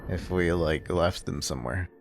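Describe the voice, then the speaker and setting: A man's voice: deep voice, normal speed, creaky. A man streaming a video game, chatting casually in rambling asides with a chuckle. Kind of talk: casual gameplay chat. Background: game music.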